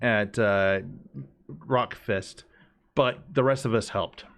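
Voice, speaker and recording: A man playing a tabletop game, describing his character's actions in a hesitant, halting way. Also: on the low side, a bit bright. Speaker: player. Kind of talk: casual tabletop play.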